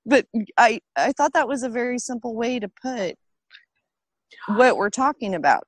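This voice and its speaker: A woman's voice: on the high side, normal speed, dry recording. A middle-aged woman on a casual panel chat, laughing often and poking fun at herself. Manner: laughs often, lively and self-mocking.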